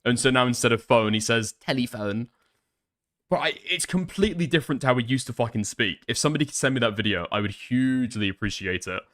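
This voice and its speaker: A man's voice: mid-range voice, quick pace, hardly any pauses, fairly bright tone. A man hosting reaction commentary, mocking and profane in his remarks. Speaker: commentary host.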